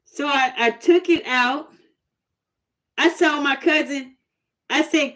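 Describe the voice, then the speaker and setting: A woman casually telling a personal testimony story, animated and plain-spoken, laughing often. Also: high voice, slow, pauses often. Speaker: host sharing a testimony.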